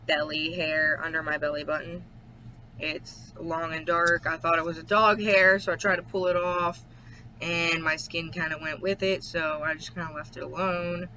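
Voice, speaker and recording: A man's voice: on the high side, bright, forceful tone, lo-fi sound, a little hiss or hum. A young man giving a casual personal vlog update, chatty and full of ums and likes. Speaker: vlogger.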